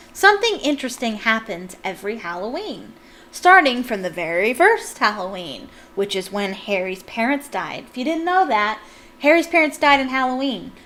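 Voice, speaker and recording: A woman's voice: on the high side, a bit bright, slight background noise. A young woman reading a book aloud as a fan, with chatty, jokey asides. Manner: chatty, jokey, laughs at the text. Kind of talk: casual read-aloud with commentary.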